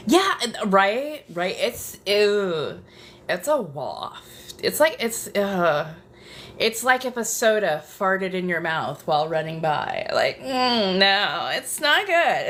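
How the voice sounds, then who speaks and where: Lively, unhurried woman ASMR streamer. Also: medium pitch, slight background noise. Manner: profane, dramatic, drifts into whispers. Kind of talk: casual chat. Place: apartment.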